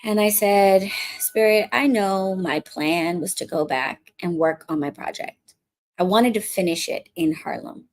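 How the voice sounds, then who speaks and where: A woman's voice: mid-range voice, a little slow. A woman from the Bronx, a witchcraft coach and podcast host, telling a casual story in a chatty way and acting out what people said. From the Bronx, New York. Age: adult, married since before 2020. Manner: chatty, animated, acts out quoted dialogue.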